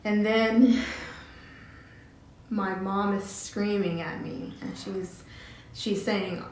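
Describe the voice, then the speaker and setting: A woman tells a personal story to camera, stopping and restarting with filler words. Her voice sits at a middle pitch and rings around a very echoey room, with a faint hum behind it. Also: fairly even intonation, a little mellow. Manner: halting, many restarts and "like" fillers. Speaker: vlogger. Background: cat drinking from water fountain.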